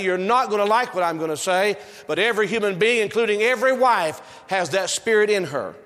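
A man's voice: sits high, fairly bright tone. A male preacher delivering a sermon with an emphatic, repetitive preaching cadence, recorded in a church sanctuary. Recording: reverberant hall.

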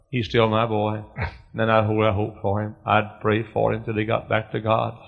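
A man's voice: on the low side, completely flat delivery, moderate pace, creaky. Impassioned preacher, man, lo-fi recording. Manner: impassioned preaching, swelling to shouts. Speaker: pastor. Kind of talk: sermon. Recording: dull lo-fi sermon recording.

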